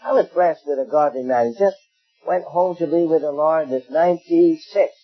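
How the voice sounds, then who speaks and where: An older man from England with an English accent, preaching a sermon in an anecdotal, gently humorous way. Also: a little high, moderate pace, slightly rough, highs cut off, soft background music.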